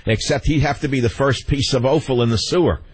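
A man's voice: mid-range voice, fast, breathy edge, no room sound. Sardonic older male radio host. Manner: blunt, sardonic, laughs often. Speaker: radio talk show host. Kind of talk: call-in talk radio.

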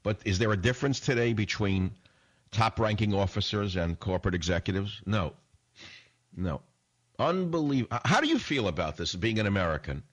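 A man rants through a political radio monologue with a low, heavy voice. He is sarcastic and combative, and he keeps challenging his listeners with rhetorical questions. He talks into a close studio microphone. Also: sing-song, brisk, fairly bright tone. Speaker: radio talk show host.

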